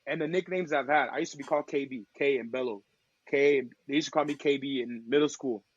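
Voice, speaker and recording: A man from Togo, a podcast guest and DJ, telling stories in casual chat with slangy, lively talk. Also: mid-range voice, fast, husky, dry recording, muffled recording. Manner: lively, acts out quoted voices, slangy.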